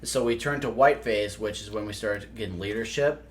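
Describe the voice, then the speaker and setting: A young man co-hosting a podcast, telling animated, profanity-laced stories in casual chat. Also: on the low side, normal speed, a little hiss or hum. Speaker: podcast co-host.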